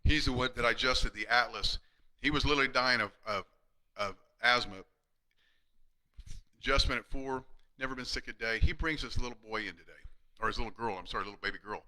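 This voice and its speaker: A man in his fifties speaks with a very bright, forceful tone at a middle pitch. He gives an earnest, emphatic live talk to fellow practitioners, stumbling and restarting often and dropping to a hushed, quieter delivery when he retells stories. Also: fairly quick, pauses often, low-quality recording. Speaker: chiropractor speaking to fellow chiropractors. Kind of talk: live-streamed motivational talk.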